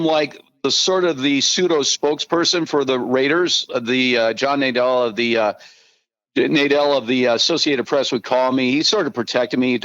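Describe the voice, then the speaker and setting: A man in his sixties, a podcast guest, telling animated, profane anecdotes in casual talk. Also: medium pitch, no echo, lo-fi sound. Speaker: podcast guest, former team spokesman.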